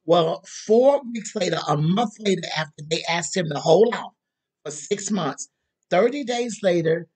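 A woman preacher telling a story in her sermon, animated and calling out to the congregation. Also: lowish voice, slightly rough.

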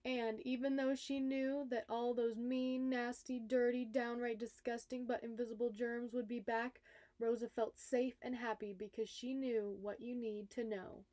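A woman, a nurse, reading a children's picture book aloud, expressive and speaking directly to young listeners. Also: fairly high pitch, unhurried, dry recording. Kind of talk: storybook read-aloud for children.

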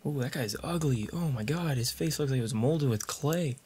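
A man's voice: mid-range voice, moderate pace, dark tone, slightly rough. A man giving joking, sarcastic commentary while playing a video game, with audible mouth clicks. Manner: joking, sarcastic running remarks. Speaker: gaming video creator.

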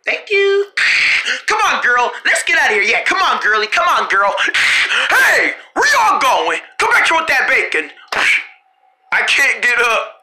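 A performer voicing every character in a playful improvised skit, switching between shouty squabbling voices. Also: medium pitch, very animated, moderate pace, slight background noise.

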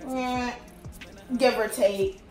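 A woman's voice: fairly high pitch, steady tone, extremely slow, a little mellow. A young woman giving a casual wig review, blunt and profane, complaining in exasperation. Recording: roomy sound from a distant mic with music behind.

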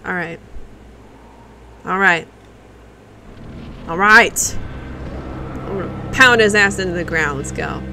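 A woman's voice: on the low side, slow pace, long pauses, pushed and bright, slight background noise. A woman streamer giving live gameplay commentary, profane and exclaiming, talking back at a boss.

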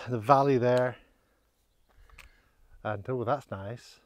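Drawing out his words in a steady, mid-range voice, a man from Scotland narrates his casual walk through open countryside. He's chatty and rambling, teases himself, and gets a little out of breath going up inclines.

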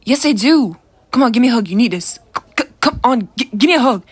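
A woman voicing a brash, teasing teenage boy in an audio role-play, loud and pushy. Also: a little high, expressive, quick pace, breathy edge, no echo, voice pushed up.

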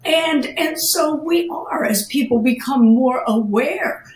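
A woman co-host with a high voice who speaks slowly and haltingly, restarting her phrases. Her voice rings in a roomy, echoing space. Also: expressive, slight background noise. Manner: halting, repeats words. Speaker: podcast co-host, coach. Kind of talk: casual podcast conversation. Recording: roomy echo.

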